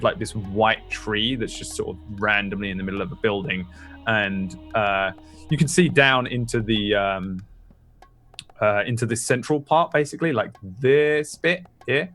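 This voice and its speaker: A man narrating a tabletop role-playing game as game master, talking in a loose, relaxed way. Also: on the low side.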